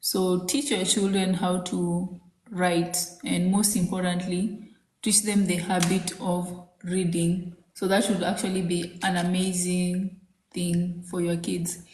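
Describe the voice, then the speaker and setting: A woman's voice: lowish voice, little pitch movement, takes it slowly, darkish tone. Chatty woman in an echoey room. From Kenya. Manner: chatty, rambling, many fillers. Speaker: podcast co-host. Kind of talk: casual chat.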